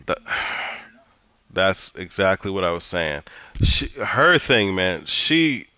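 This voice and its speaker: A man's voice: low-pitched, sing-song, takes it slowly, bright, forceful tone, dry recording. A man telling a personal story in a heated, profane, repetitive way, venting casually.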